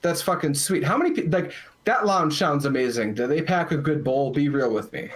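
A man's voice: on the high side, lively intonation, normal speed. A man co-hosting a podcast, openly drunk, rambling and swearing in casual chat. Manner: profane, rambling, boisterous. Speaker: podcast co-host.

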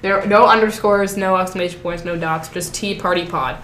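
A woman's voice: lowish voice, steady tone, fairly quick, a bit bright. A young woman co-hosting a podcast, chatting casually and rambling with lots of fillers and giggles. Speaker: podcast co-host. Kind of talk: casual chat. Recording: echoey room with faint noise.

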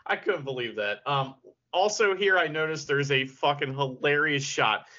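A man hosting a casual podcast chat, animated, laughing often and swearing casually. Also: a little high, moderate pace. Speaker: podcast host. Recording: dull lo-fi audio.

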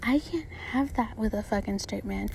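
A woman's voice: a little high, moderate pace, gravelly, a little mellow, a little hiss or hum. Blunt, profane young woman podcasting. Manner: blunt, profane, rambling with frequent likes. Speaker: podcast host. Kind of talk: casual solo podcast monologue.

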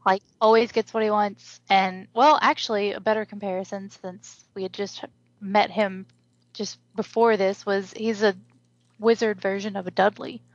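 Brief: female co-host with a gravelly voice, dry muffled recording, thoughtful. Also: mid-range voice, fairly even intonation, moderate pace, no echo. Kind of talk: casual book discussion. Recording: dull lo-fi sound.

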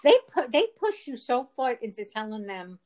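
A woman with a somewhat high, slightly mellow voice and big swings in pitch speaks at a moderate pace. Chatting casually on the phone, she tells of a frustrating ordeal, rambling and exasperated, repeating what others said.

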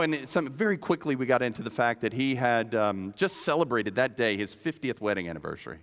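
A man's voice: medium pitch, animated, a little fast, fairly bright tone. A man in his fifties preaching a sermon, telling a personal story in a conversational way and often repeating words as he goes. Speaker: pastor.

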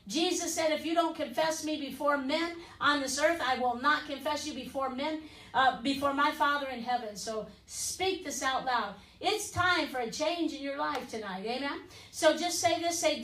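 A woman preacher in a fervent broadcast sermon with a high, bright-toned voice. She pleads with her listeners and leans on "listen" and "amen?". The sound is roomy and echoing, with her standing back from the microphone. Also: normal speed, distant mic. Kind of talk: broadcast sermon and altar call.

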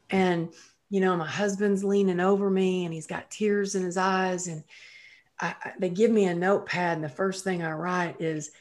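A woman's voice: on the low side, steady tone, moderate pace, darkish tone. A woman guest on a podcast, candidly retelling a personal story in vivid detail, with frequent "you know" and "um".

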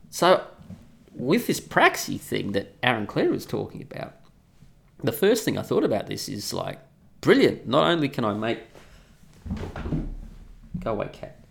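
Gravelly, animated man ranting. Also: mid-range voice. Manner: opinionated, animated, swears freely. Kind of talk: casual ranting monologue.

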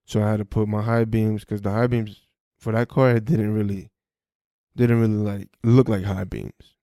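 A young man tells a story on his podcast in loose street slang, full of swearing and false starts. His voice is warm and mellow, and the close mic sounds dry with no room echo. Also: fairly low pitch, little pitch movement, moderate pace. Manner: profane, street slang, frequent restarts. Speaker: podcast host. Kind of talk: casual first-person storytelling.

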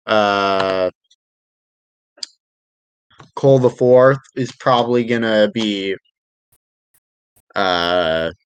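A man chatting casually about a sports league, hesitant and unhurried, with frequent ums and restarts. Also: lowish voice, clean tone, poor audio.

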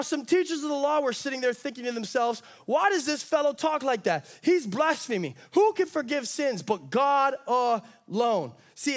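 A man preaching a sermon as pastor, emphatic, with lots of repetition and acted-out quotes. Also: very high-pitched.

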